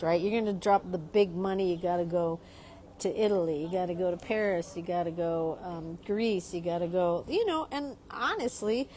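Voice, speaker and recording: A woman's voice: on the low side, darkish tone, slight background noise. A middle-aged woman, an artist who teaches drawing workshops, talking casually and rambling on a livestream, often checking in with "right?". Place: home in Mexico.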